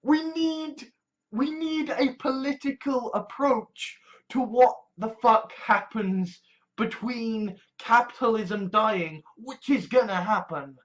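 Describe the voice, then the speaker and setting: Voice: medium pitch, takes it slowly, poor audio. A video essayist delivering a casual, rambling monologue full of profanity and emphatic asides.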